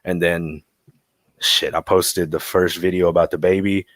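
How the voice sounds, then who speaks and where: A man's voice: sits low, level tone, unhurried, no echo. A man guest talking loosely in an interview, full of fillers and casual swearing.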